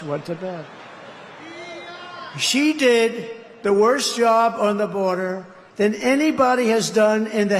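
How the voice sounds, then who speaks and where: A man's voice: high-pitched, in a large hall. A man giving a campaign rally speech, rambling and repetitive with boastful asides. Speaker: political candidate addressing a rally.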